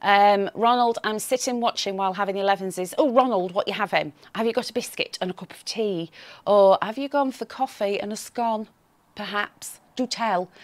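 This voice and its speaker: A woman's voice: mid-range voice, no echo. A woman hosting a live craft shopping show, chatting and reading out viewer comments in a cheerful, teasing way, with a slight frog in her throat.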